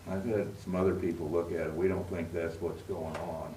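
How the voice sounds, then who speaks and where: Deep-voiced man at a council meeting. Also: little pitch movement, fairly quick, mellow. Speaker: council member. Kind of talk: public meeting discussion. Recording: roomy far-off mic with noise.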